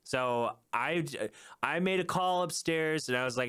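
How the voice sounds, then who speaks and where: A man's voice: fairly high pitch, measured pace, fairly bright tone, clear, resonant tone. A man hosting his own podcast in a casual solo chat, rambling and joking at himself, often laughing. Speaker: podcast host. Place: small home room with a keyboard. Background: faint music playing.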